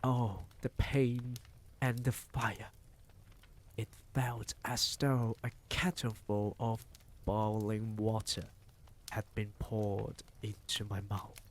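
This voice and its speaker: A man reading a novel aloud on a live stream, telling it in an unhurried, measured way. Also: on the low side, little pitch movement.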